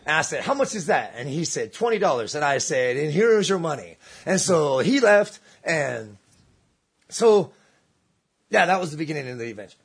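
A man spins a rowdy anecdote among friends, his pitch leaping up and down as he acts out each voice. His tone is a little husky and pitched fairly high. He talks loosely and swears freely. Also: big pitch swings, normal speed. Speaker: storyteller. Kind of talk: casual storytelling among friends.

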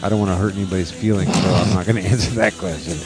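A man in his forties co-hosting a casual show, joking around in a deadpan way. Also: low-pitched, racing, over music. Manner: jokey, deadpan, making things up. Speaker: radio show co-host. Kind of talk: casual banter.

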